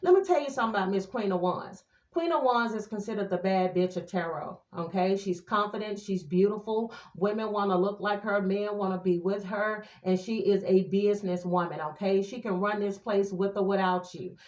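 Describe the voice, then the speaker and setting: A woman's voice: mid-range voice, moderate pace, hardly any pauses, darkish tone, roomy sound, lo-fi sound. A woman doing a casual tarot reading for her viewers, sassy and chatty, now and then singing a few lines. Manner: chatty, sassy, breaks into snatches of song. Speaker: tarot reader.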